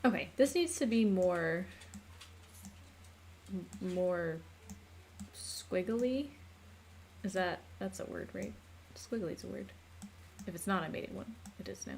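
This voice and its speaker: Slow, chatty American woman streamer. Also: medium pitch, animated, darkish tone, slight background noise. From United States. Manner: chatty, laughs often, talks to her pets and chat. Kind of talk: casual chat while map-making. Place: home room.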